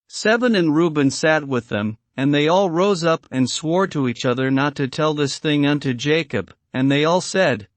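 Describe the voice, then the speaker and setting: A man's voice: a little high, normal speed, few pauses, dry recording. A man reading an old scriptural story aloud in a solemn archaic style, calling out verse numbers. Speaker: narrator.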